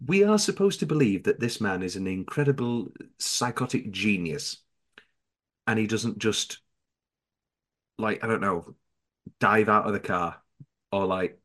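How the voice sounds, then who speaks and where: A man hosting a casual podcast chat about a film, animated and quick to mimic characters in high voices. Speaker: podcast host.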